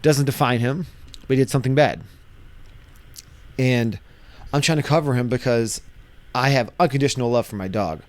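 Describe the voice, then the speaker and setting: A man casually telling a wild story to camera, animated and often restarting his sentences. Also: mid-range voice, normal speed, long pauses. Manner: animated, acts out shouted quotes, frequent restarts. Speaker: vlogger.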